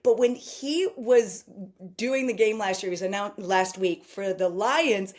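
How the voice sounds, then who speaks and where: A woman's voice: mid-range voice, measured pace. A woman who works as a coach, talking in a casual conversation with enthusiastic, rambling run-on sentences.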